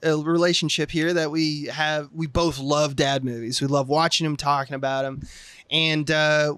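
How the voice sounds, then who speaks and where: A man co-hosting a comedy podcast, chatting in a playful, rambling way with quick asides. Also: on the high side, fairly bright tone, clean tone, no echo. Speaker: podcast co-host. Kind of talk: casual comedic chat.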